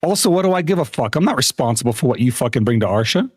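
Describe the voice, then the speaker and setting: Animated, mocking male gaming streamer. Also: mid-range voice, racing, breathy edge, dry recording, studio quality. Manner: crude, mocking, laughing often. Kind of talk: live gameplay commentary.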